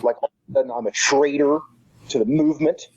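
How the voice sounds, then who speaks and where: A man in casual podcast chat, halting and filler-heavy as he thinks aloud, on dull lo-fi audio. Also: medium pitch, fairly even intonation, darkish tone, husky.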